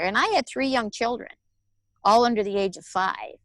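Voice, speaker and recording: A woman, telling her personal story as an interview guest in a candid, animated way. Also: fairly high pitch, normal speed, no echo. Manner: candid, animated storytelling with laughs and acted-out quotes. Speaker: guest, author and alternative healer.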